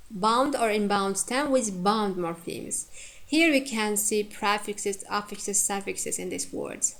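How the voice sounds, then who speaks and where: A woman teacher lecturing on word stress, repeating each example word and pausing on frequent fillers. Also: medium pitch. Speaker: English phonetics teacher.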